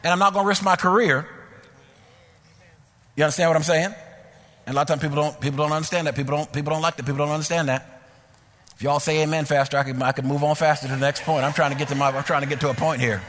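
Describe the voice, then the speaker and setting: Animated high-voiced man preaching in a hall. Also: fast talker, pauses often. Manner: animated, repetitive, rising to near-shouts. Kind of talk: sermon with personal stories.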